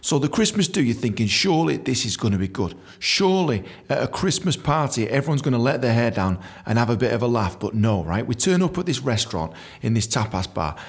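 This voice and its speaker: A man's voice: mid-range voice, big pitch swings, brisk. A young adult man from England telling a story casually, swearing often and saying "man" a lot. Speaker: podcast storyteller.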